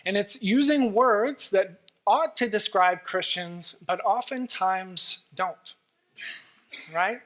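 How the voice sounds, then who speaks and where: A man's voice: high voice, takes it slowly, a bit bright. A man giving a sermon as guest preacher in a church, earnest and conversational, with frequent fillers.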